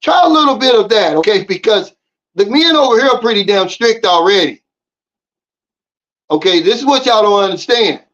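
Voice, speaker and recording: A man from the United States delivers a casual vlog monologue, lecturing his viewers with emphatic, preachy advice. His voice sits high for a man. The audio is a little dull and lo-fi. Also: animated, normal speed, long pauses, a bit bright. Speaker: vlogger.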